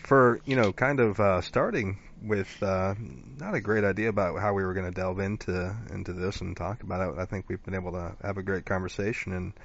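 A man's voice: sits low, fairly even intonation, brisk, gravelly, hardly any pauses, lo-fi sound. A male show host in casual live-stream chat, affirming and rambling with many fillers.

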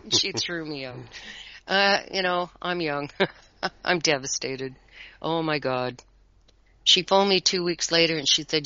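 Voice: mid-range voice, takes it slowly, pauses often, sharp tone, no echo, highs cut off. A tarot reader talking as a guest in a casual conversation, rambling a little and chuckling often.

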